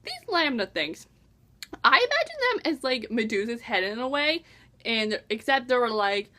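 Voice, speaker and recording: A young woman excitedly reviewing a book in a casual vlog, gushing and acting out her own reactions. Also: a little high, normal speed. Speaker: book vlogger.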